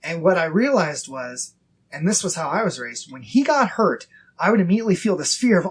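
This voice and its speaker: A man in his thirties hosting a casual faith podcast, earnest and acting out inner dialogue in quick quoted bits. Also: a little high, very animated, husky. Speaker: podcast host.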